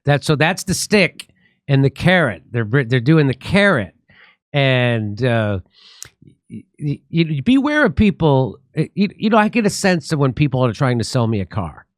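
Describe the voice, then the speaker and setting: A man's voice: medium pitch, very animated, moderate pace, dry recording, clean studio sound. A middle-aged man from Chicago hosting a show, telling stories in casual political chat with blunt, profane language. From Chicago, United States. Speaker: show host.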